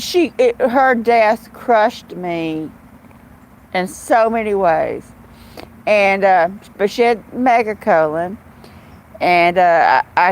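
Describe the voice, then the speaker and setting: A woman's voice: mid-range voice, low-quality recording. A woman hosting a casual live stream, chatting bluntly and rambling while answering viewers' comments. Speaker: live-stream host reading chat.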